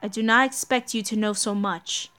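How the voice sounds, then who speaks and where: A woman's voice: medium pitch, steady tone, normal speed, pushed and bright, soft background music, voice pushed down, natural voice. A woman voicing a stern, cold male knight in a grave, formal manner while reading a game story aloud.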